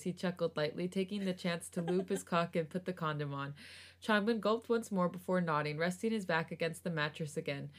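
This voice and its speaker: A woman's voice: fairly low pitch, a little fast. A woman co-hosting a podcast, reading fan fiction aloud with giggly asides and some stumbles. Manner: giggly, stumbling over words. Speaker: podcast co-host.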